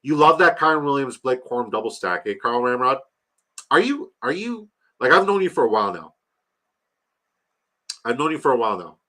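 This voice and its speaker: A man's voice: medium pitch, expressive, a little fast, long pauses, pushed and bright. A man live-streaming fantasy football, grading viewers' drafts in a loose, joking, sometimes profane way while rattling off lists of player names.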